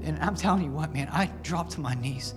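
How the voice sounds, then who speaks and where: A man's voice: fairly high pitch, brisk. A male pastor preaching a sermon, telling stories in a casual, earnest way with fillers like "man". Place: church sanctuary. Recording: long reverb with faint music in a church.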